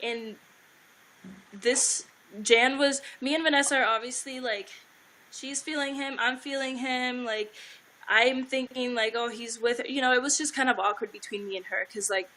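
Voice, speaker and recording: A woman's voice: sits high, normal speed, bright, forceful tone, low-quality recording. A young woman telling her side of a story in a casual livestream, rambling, swearing, and saying "like" constantly. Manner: rambling, heavy filler "like", swears freely.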